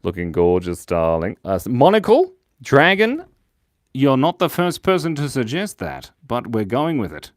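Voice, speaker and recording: A man's voice: fairly high pitch, sing-song, moderate pace, no echo, clean studio sound. A man hosting a live drawing stream, reading out viewer suggestions in a playful, giggly way. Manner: playful, reads chat comments aloud, giggles often. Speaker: livestream host drawing with chat. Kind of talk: casual live-stream chat.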